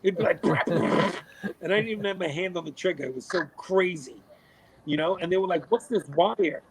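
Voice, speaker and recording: A middle-aged man, a podcast guest, telling stories in a casual, animated way, cursing freely and acting out what people said. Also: high-pitched, fast, low-quality recording. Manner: animated, swears a lot, acts out quotes. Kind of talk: casual storytelling.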